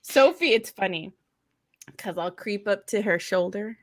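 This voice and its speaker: Laughing, foul-mouthed mom in casual chat. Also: female voice, medium pitch, lively intonation, measured pace. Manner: laughs often, blunt and swears casually. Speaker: podcast co-host, mother.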